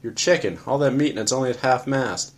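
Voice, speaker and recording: A man's voice: medium pitch, fairly quick, voice pushed up, lightly acted. A man voicing a hesitant young woman. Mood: mocking. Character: hesitant young woman, coy then sharp-tongued.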